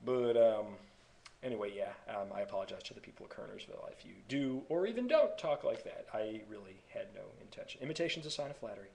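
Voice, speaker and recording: A man's voice: lowish voice, very animated, fast, creaky, few pauses, a little mellow, poor audio. A young man from North Carolina in his twenties, chatting to camera in a rambling, digressive way. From North Carolina, USA. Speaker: vlogger. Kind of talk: casual vlog talk to camera.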